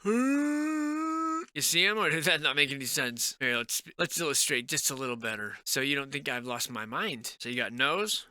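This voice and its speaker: A man's voice: medium pitch, fairly quick, few pauses, pushed and bright, smooth, no echo, studio quality. A man vlogging in a casual, rambling, speculative way, often trailing off mid-thought. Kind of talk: casual musing commentary.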